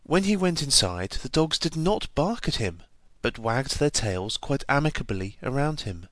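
A man's voice: mid-range voice, very animated, no echo. Man reading an old fairy tale. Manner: measured, old-fashioned fairy-tale narration with gently voiced dialogue. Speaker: narrator. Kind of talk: storybook reading.

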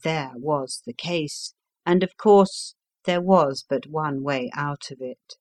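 Brief: woman audiobook narrator, deep for a woman, slow and measured, dry close recording. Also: darkish tone, dry recording. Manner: measured, unhurried storytelling. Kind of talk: scripted narration of a classic story.

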